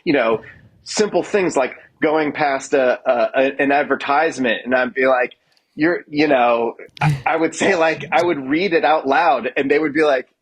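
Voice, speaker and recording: Husky man telling stories with stammering restarts. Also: a little high. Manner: halting, many restarts, self-deprecating humor. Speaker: guest musician. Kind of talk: casual podcast chat.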